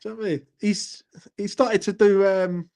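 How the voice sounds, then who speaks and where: A man's voice: sits high, steady tone, normal speed, darkish tone. A young man hosting a casual live stream, chatting in a laddish way and reading out comments. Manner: chatty, laddish, repeats "do you know what I mean". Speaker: host reading live chat.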